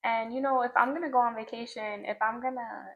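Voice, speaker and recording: A woman's voice: fairly high pitch, steady tone, a little fast, narrow, tinny audio. A young woman talking to the camera outdoors at a scenic view at sunset, reflective and emotional, with lots of "like" fillers. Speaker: vlogger. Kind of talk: casual spiritual vlog monologue. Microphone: camera in front of her.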